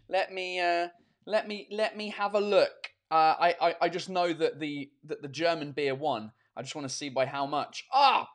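Man, podcast host, casual rambling chat, swears a lot, self-mocking. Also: high voice. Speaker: podcast and live show host.

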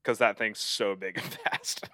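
A man's voice: lowish voice, unhurried, bright, forceful tone, dry recording. A man on a podcast talking casually, rambling and hesitant with lots of ums. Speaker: podcast co-host. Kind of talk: casual chat.

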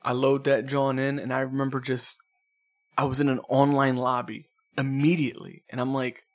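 A man's voice: medium pitch, flat delivery, normal speed. A man co-hosting a casual chat, telling rambling stories with swearing and frequent laughter.

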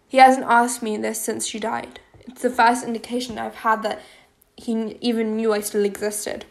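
A woman narrates a first-person audiobook with intimate, emotionally charged delivery. Her voice sits fairly high. Its melody stays narrow and contained. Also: level tone, normal speed, creaky.

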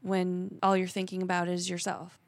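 Woman podcast co-host, lowish voice, dry mic, swears casually, teases. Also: completely flat delivery, moderate pace, dry recording. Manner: crude, teasing banter, reads a listener's email aloud. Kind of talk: casual chat.

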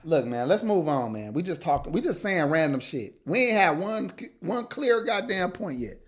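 A man's voice: high-pitched, very animated, moderate pace. A man co-hosting a podcast, telling stories in casual, profane chat and slipping into mocking voices. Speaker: podcast co-host.

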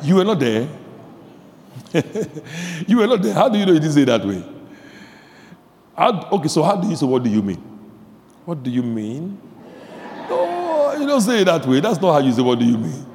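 A male pastor preaching a sermon, swinging from quiet asides to shouted emphasis, repeating phrases and asking the audience questions. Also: fairly high pitch, huge pitch swings, moderate pace, long pauses, in a large hall, a little hiss or hum.

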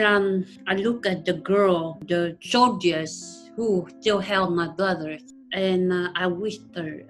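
A woman with a recounting a frightening childhood memory in an earnest, plain-spoken way, her voice dropping soft at the tense moments. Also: lowish voice, poor audio. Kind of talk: personal storytelling. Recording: faint guitar music behind.

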